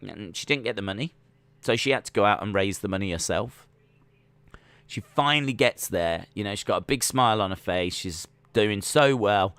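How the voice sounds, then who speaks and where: A man's voice: on the low side, animated, normal speed, fairly bright tone, smooth, dry recording. A man hosting a casual watch-along livestream, rambling and full of "like" and restarts. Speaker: livestream host.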